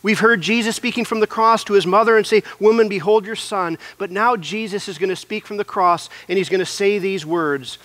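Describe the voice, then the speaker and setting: Guy preaching a sermon, kinda high voice, earnest and steady, dry sound. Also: dry recording. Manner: earnest, measured preaching with repeated phrases. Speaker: pastor.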